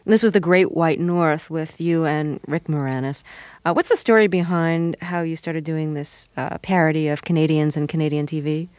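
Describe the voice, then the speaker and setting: Low-voiced woman interviewer. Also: normal speed, a little mellow, dry recording. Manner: inquisitive, a bit hesitant with "uh". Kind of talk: radio interview.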